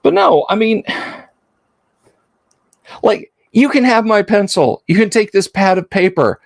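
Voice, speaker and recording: A man hosting a casual livestream with a high voice that rises and falls a great deal. He rambles loosely and jokes at his own expense. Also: animated, measured pace, gravelly, no echo. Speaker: livestream host.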